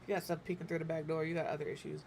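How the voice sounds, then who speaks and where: A woman in her thirties, a game builder streamer, gives casual commentary on her building choices in a loose, chatty way, thinking aloud and teasing herself. Her slightly low, darkish, creaky voice stays level in tone but races along, and she sometimes talks while eating. A faint hum of room noise sits underneath.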